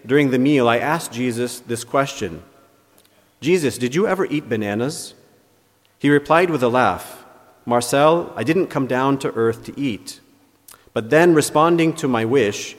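Priest preaching in a reverberant church. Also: male voice, mid-range voice. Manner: reads quoted dialogues aloud with lifted, animated emphasis. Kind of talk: homily.

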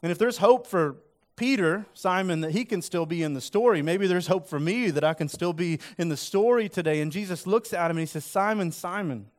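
A man's voice: sits high, a little fast, few pauses. Earnest conversational male preacher. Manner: conversational, earnest, voices quoted lines with rising emphasis. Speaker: pastor. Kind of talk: sermon.

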